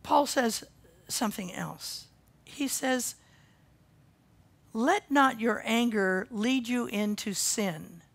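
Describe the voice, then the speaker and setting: A woman pastor preaching a sermon, swinging from loud emphasis to quiet intensity. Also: a little high, slow, gravelly, pauses often.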